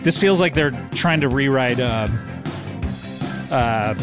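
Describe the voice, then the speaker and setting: A man's voice: mid-range voice, slow pace. A man hosting a casual music podcast, telling stories with lots of fillers. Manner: rambling storyteller, many fillers. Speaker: podcast host.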